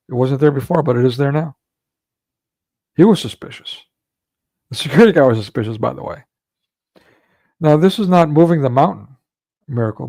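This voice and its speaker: A man's voice: mid-range voice, gravelly, dark tone, no room sound. A man hosting a livestream, telling a long rambling story in casual chat with frequent restarts and fillers. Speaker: livestream host.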